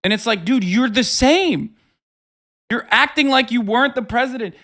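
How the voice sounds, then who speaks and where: A man's voice: very high-pitched, lively intonation, normal speed, sharp tone. A young man streaming live, commenting on a speech, incredulous and exasperated, swearing a lot. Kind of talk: casual profane live commentary.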